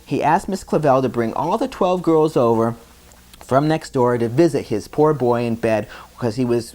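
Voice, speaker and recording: A man's voice: medium pitch, normal speed, mellow. A man reading a bedtime story aloud to a child in a chatty way, stopping to explain words as he goes.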